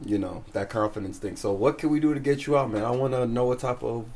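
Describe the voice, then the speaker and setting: A man's voice: medium pitch, fast talker, a little mellow. A man hosting a casual podcast, pushing a guest with teasing questions and calling him "bro.". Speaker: podcast host. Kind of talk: casual chat, interviewing.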